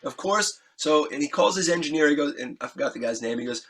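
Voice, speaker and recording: A man being interviewed as a musician, telling an animated, excitable anecdote, acting out scenes and swearing freely. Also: a little high, fast, crowd noise. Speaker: guest musician.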